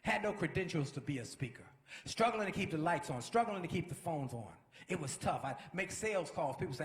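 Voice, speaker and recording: A man giving a motivational speech with an energetic, preacher-like delivery that builds to shouts. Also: fairly high pitch, brisk, echoey room. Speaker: motivational speaker. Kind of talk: inspirational speech.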